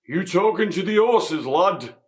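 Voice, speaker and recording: A man's voice: high-pitched, animated, measured pace, voice pushed up. A commanding, proud horse-loving factory owner, put on by a man with a Northern Irish accent. He speaks raised and firm, as in a one-man stage play. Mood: stern.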